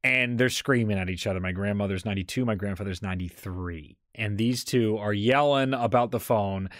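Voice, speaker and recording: A man co-hosting a podcast, telling a long story in a rambling, animated way. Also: fairly low pitch, brisk, no room sound, studio quality. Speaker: podcast co-host. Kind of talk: casual chat, storytelling.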